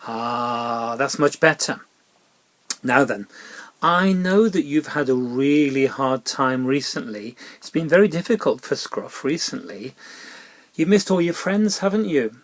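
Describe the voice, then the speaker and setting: A man giving a gentle children's Bible talk with a puppet, soft and coaxing like a parent, often dropping into whispered asides. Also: mid-range voice, a little slow.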